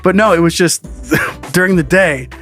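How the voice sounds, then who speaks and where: A man's voice: sits high, measured pace, faint music behind. A man co-hosting a comedy podcast, telling stories in casual, profane chat and laughing often. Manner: animated, profane storytelling with frequent laughs. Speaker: podcast co-host.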